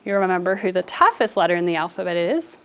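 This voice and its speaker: A young woman teaching an elementary phonics lesson in a classroom, telling stories and coaxing the students along in a lively, playful way. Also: fairly low pitch, quick pace, slight background noise. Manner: animated storytelling, playful and expressive with students.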